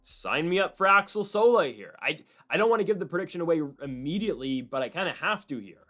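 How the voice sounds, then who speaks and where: Animated opinionated man breaking down fights. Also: a little high, faint music behind. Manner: animated, opinionated, mimics people in quick asides. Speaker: MMA prediction channel host. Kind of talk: solo fight-prediction commentary.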